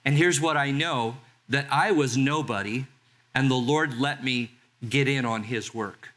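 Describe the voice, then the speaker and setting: A man in his sixties from Southern California, a pastor preaching a sermon in a conversational way and slowing down to read scripture. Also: mid-range voice, fairly bright tone. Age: 60s. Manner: conversational, reads scripture slowly.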